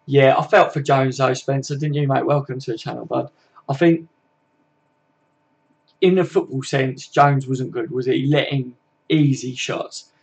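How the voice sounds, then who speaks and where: A man's voice: medium pitch, fairly even intonation, a little slow, creaky. A young man with a southern English accent, hosting a football live stream in casual, slangy chat full of tag questions as he answers viewer comments.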